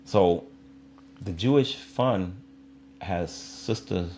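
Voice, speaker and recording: A middle-aged man from Israel speaks as a guest in a conversational interview, his voice sitting very low. He is a lively storyteller who acts out the voices of the people in his tales. A faint hiss runs under the recording. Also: extremely slow. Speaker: interview guest, youth basketball coach.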